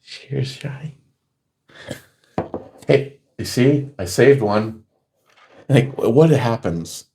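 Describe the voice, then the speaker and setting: A middle-aged man hosting a casual chat show, rambling through stories and loudly acting out what people said. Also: mid-range voice, animated, drawn-out words, gravelly, long pauses, slight background noise. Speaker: podcast host.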